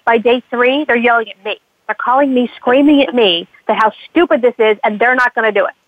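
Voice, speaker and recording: A woman's voice: fairly high pitch, a little fast, dry recording. A woman counselor telling stories with animation, acting out the voices of the people she works with. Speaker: addiction counselor. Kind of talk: conversational interview talk. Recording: tinny phone-like line, dry.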